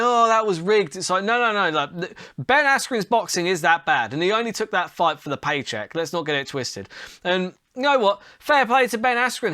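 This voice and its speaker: A man with a high, bright voice hosts a comedy show. He rants sarcastically and swears freely as he runs through the week's news. His delivery is loose and conversational. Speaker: comedy podcast host.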